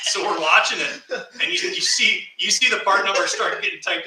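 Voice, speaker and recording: A man telling a workplace prank story in casual chat, animated and laughing as he goes. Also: sits high, moderate pace. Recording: echoey room, mic at a distance.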